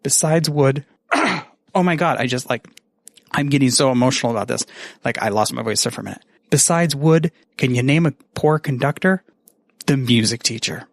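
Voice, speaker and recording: A man recording a message for a friend, reading bad puns in a deadpan, self-mocking way and swearing casually. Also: medium pitch, gravelly, no room sound, studio quality. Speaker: podcaster sending a message. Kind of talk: recorded message, joking monologue.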